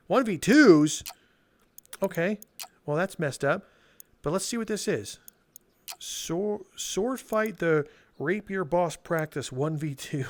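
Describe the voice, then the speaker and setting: A man giving casual, excitable gameplay commentary as a mod reviewer, chatting to the characters on screen and laughing often. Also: on the high side, slight background noise. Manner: excitable, talks to game characters, frequent laughs. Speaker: video game mod reviewer.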